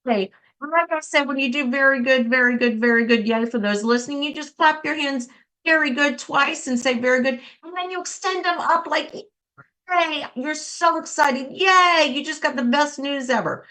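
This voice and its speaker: A woman's voice: high-pitched, moderate pace, sharp tone. A woman hosting a laughter yoga session, cheerfully coaxing listeners and breaking into bursts of laughter.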